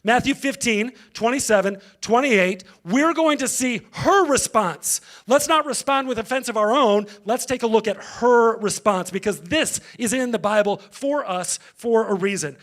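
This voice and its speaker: A man's voice: very high-pitched, unhurried, few pauses, fairly bright tone. A male pastor giving a conversational sermon, engaging the congregation directly.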